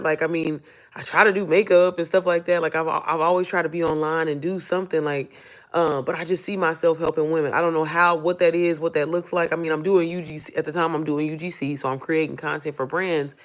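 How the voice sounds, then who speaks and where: An online business coach with a low, hoarse, worn voice speaks directly to viewers in a loose live-stream Q&A. Emotional and often close to tears, she rambles, circles back, and talks from the heart, repeatedly calling her audience y'all and sis.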